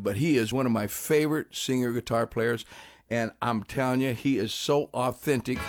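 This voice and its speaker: A man hosting a rock countdown on radio, telling stories in a loose, animated, rambling way. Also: medium pitch. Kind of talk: casual radio talk.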